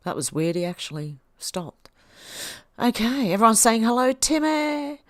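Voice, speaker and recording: A woman's voice: lowish voice, lively intonation, normal speed, no room sound. Australian woman reading out live chat. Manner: chatty, reads comments aloud and answers them with small laughs. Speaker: livestream host. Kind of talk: livestream reading out chat comments.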